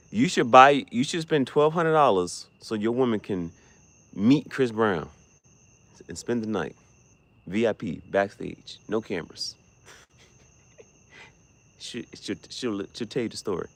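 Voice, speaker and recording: A man giving casual, joking livestream commentary, profane and quick to laugh. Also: mid-range voice, no room sound. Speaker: streamer.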